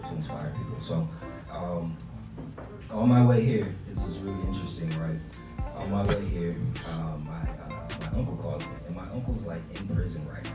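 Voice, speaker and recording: A young man doing open mic stand-up in a loose, laughing way with many fillers, recorded from far off in an echoey room. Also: sits low. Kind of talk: casual chat and stand-up storytelling.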